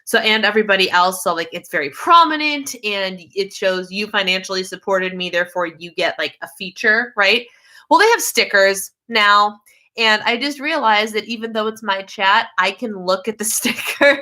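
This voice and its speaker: A woman's voice: medium pitch, moderate pace, pushed and bright. A woman hosting a casual livestream, chatty and easily sidetracked, with lots of fillers. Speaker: YouTube livestream host.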